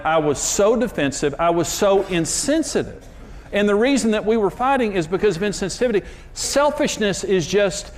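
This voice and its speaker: A male marriage speaker preaches candidly, telling self-deprecating personal stories and building emphatically toward punchlines. His voice sits high, with lively intonation and a slightly fast delivery.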